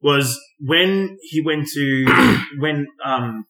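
A man in casual film chat, animated and profane, prone to loud bursts. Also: fairly high pitch, drawn-out words. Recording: roomy echo.

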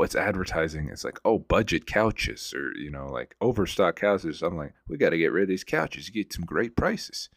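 A man's voice: low-pitched, vocal fry, dry recording, studio quality. A man hosting a casual solo talk show, rambling and swearing freely as he browses on his computer. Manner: rambling, profane, restarts a lot. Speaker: podcast host. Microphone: desk mic at computer.

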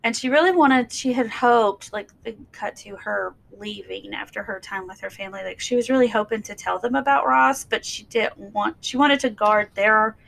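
A woman's voice: a little high, normal speed, creaky, few pauses, a bit bright, low-quality recording. A woman co-hosting a podcast in casual chat, chatty and sarcastic, rambling through a story. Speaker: podcast co-host.

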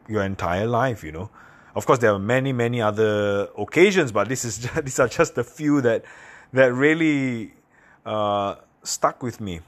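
A man from Singapore, hosting a podcast and telling personal stories in a candid, halting, self-deprecating way. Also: mid-range voice. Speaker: podcast host. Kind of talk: casual personal monologue.

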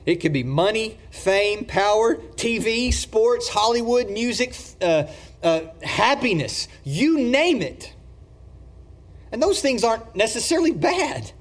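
Slow, high-voiced male preacher. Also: expressive. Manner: emphatic preaching, swings from loud to hushed. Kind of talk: sermon.

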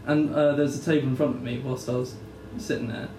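A man hosting a casual podcast chat, telling animated stories with plenty of swearing and laughter. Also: medium pitch, fairly quick. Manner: animated storyteller, swears freely, laughs often. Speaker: podcast host. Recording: roomy, distant mic, faint hiss.

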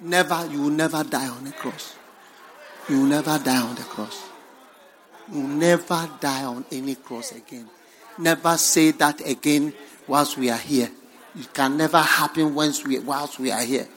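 A man playing a stubborn, agitated disciple who keeps loudly protesting. He pushes the point again and again, raising his voice a little above his normal pitch. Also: normal speed, close to an everyday voice. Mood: insistent. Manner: loud, insistent protesting.

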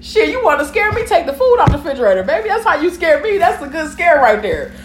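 High, animated woman bantering. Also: echoey room, crowd noise. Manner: animated, teasing, quick to laugh. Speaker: radio show co-host. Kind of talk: casual banter.

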